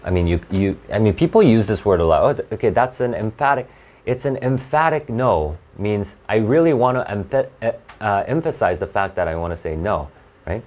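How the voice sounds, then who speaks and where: A low-voiced young man runs a test-prep class. He talks in a halting, chatty way and keeps restarting his sentences as he works through each question. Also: animated, a little mellow. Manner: halting and conversational, with many restarts and fillers. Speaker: SAT tutor. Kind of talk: live classroom lesson.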